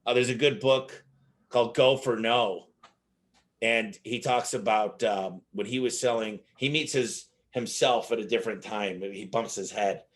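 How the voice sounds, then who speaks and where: A man telling animated stories as an interview guest, acting out the dialogue in his anecdotes with frequent restarts. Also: lowish voice, unhurried. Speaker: business owner guest. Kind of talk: casual interview storytelling.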